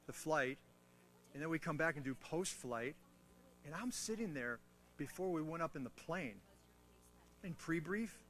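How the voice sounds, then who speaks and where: With a little hiss or hum in the background, a man whose voice is on the high side talks to a military audience about mentoring. As a guest speaker, he motivates through animated storytelling, teasing jokes, and self-mocking asides.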